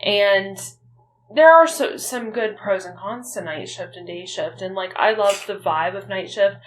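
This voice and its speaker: A woman's voice: mid-range voice, measured pace, a little hiss or hum, low-quality recording. A young woman co-hosting a podcast, speaking candidly and bluntly in a casual chat. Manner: candid, blunt, swears freely. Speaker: podcast co-host.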